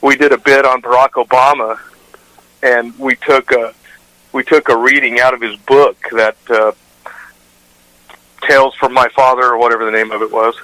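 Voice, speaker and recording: A man's voice: medium pitch, level tone, normal speed, pauses often, bright, forceful tone, no echo, poor audio. A man who hosts a radio show, telling stories in a casual interview with rambling restarts and fillers. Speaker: radio show host, guest.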